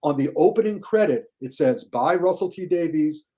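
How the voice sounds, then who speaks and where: A man talking casually as a guest critic on a podcast, enthusiastic, and mocking critics in a high whiny voice. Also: lively intonation, normal speed, dark tone.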